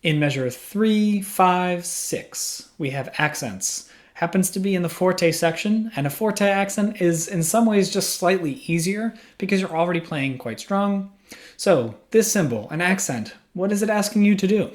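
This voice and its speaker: His voice sits high, with lively intonation and a measured pace, as this music teacher patiently instructs in a small room over a studio mic. He walks through the material by raising questions and answering them one step at a time.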